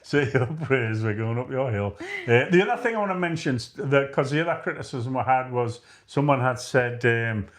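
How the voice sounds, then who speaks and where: A man's voice: medium pitch, normal speed, hardly any pauses. A middle-aged man with a chatty, rambling, self-mocking way of talking, co-hosting a casual live chat. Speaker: co-host of a live chat stream.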